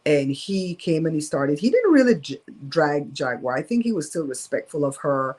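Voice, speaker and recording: A woman's voice: sits low, sing-song, moderate pace, darkish tone, rough recording. A woman hosting a casual live-stream storytime from home, talking in a candid, emphatic and gossipy way. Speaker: host of a live show.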